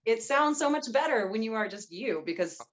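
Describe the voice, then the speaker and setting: A woman from the United States with a neutral accent and a smooth, silky voice, talking earnestly and reflectively as a voice-actor guest in a casual interview. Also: on the high side, animated, a little fast, dull audio.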